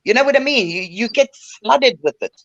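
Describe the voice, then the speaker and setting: An older woman who talks with blunt, emotional force and a lively pitch that swings up and down. Her voice comes through a dull, lo-fi line in a dry, close sound. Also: moderate pace, no echo. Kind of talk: casual chat.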